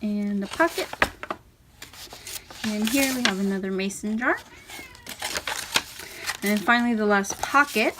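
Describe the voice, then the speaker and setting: A woman casually talking through a handmade journal she is showing page by page, relaxed and chatty. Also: medium pitch, unhurried, long pauses. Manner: chatty, relaxed, with fillers and soft laughs. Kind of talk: casual craft walkthrough. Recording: audible background noise.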